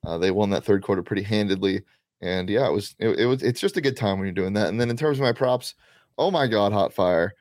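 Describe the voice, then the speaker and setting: A man's voice: fairly low pitch, fast talker, darkish tone, dry recording, studio quality. A man hosting a sports betting show, upbeat and enthusiastic, with many ums and restarts. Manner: upbeat, enthusiastic, with frequent fillers. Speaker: host. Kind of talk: casual sports betting chat.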